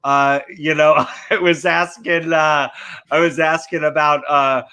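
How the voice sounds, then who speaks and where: Man, podcast co-host, deadpan joker, slow delivery, bright tone. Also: on the high side, clear, resonant tone. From California. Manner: deadpan joking storyteller. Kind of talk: casual chat with a comic tall tale.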